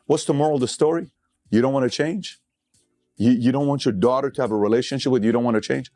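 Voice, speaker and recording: A man's voice: medium pitch, fast, mellow, no room sound. A man giving a motivational speech, blunt and conversational, telling stories with emphatic, impassioned build-ups. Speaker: motivational speaker.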